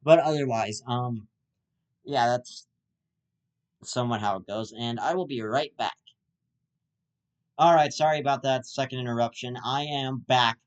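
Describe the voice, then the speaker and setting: A young man hosts his own show and rants through a rambling comedic monologue. He stammers, restarts his sentences and swears often, in a voice of middle pitch. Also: measured pace, long pauses. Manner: stammering, profane ranting. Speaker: host.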